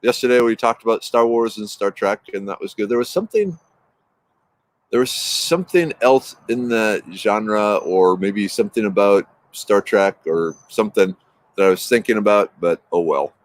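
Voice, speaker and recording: Outside in his backyard, a man with a lowish voice speaks at a moderate pace on a casual morning livestream. He rambles in an upbeat way and greets viewers by name, with traffic noise in the background.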